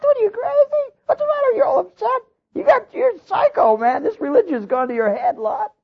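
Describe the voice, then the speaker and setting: A scoffing young man squeals in an absurdly high falsetto, full of jeering disbelief. The voice rides far above a man's normal range and sounds wild and animated. It comes through a thin, phone-like old tape recording. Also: fairly quick, full character voice. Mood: mocking. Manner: jeering, incredulous. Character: scoffing young sons-in-law, mocking and incredulous.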